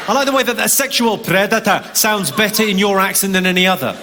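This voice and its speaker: A man doing a stand-up routine on a large theatre stage, with a deadpan, quick delivery and crowd work. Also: high voice. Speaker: stand-up comedian. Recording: live hall recording with crowd noise.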